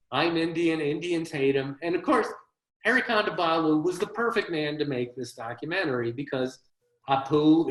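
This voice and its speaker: A man's voice: a little high, fairly bright tone. A man, a comedy writer, giving a one-man show with wry, self-deprecating comic storytelling over a video call. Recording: roomy echo.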